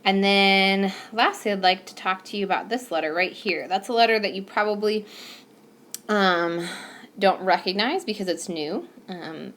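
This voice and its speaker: A woman's voice: fairly low pitch, a bit bright, a little hiss or hum. A woman teacher explaining a recorded whiteboard lesson patiently, with some fillers. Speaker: Spanish teacher. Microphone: tablet microphone.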